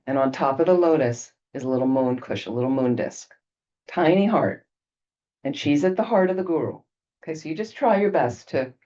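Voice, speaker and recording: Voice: mid-range voice, warm tone. A Buddhist retreat teacher talking a group through a detailed visualization, checking in with frequent "okay"s. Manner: peppers explanations with frequent "okay" check-ins. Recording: dull lo-fi recording.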